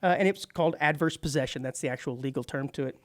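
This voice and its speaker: Chatty radio co-host, dry close sound. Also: male voice, a little high, quick pace, no room sound. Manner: chatty, laughs often, many restarts. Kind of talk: casual chat.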